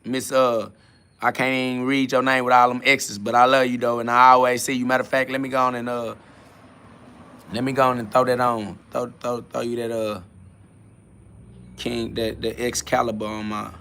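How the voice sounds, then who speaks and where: Bright-voiced man preaching casually. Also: medium pitch, flat delivery, normal speed, smooth. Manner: emphatic, repeats catchphrases, slangy street talk. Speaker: podcast host answering live chat. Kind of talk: casual self-affirmation sermon.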